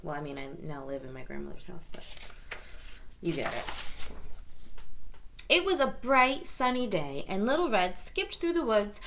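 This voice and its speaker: A woman reading a picture book aloud to children, playful and expressive, with chatty asides. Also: medium pitch, normal speed, vocal fry, pauses often, a little hiss or hum.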